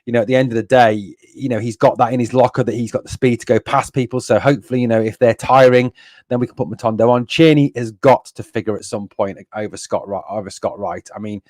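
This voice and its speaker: A man's voice: medium pitch, steady tone, fast, darkish tone, no echo. A man from northeast England hosting a fan stream, blunt and exasperated, swearing and repeating himself as he rants and reads out viewer comments. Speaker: fan channel host. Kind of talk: live stream fan rant.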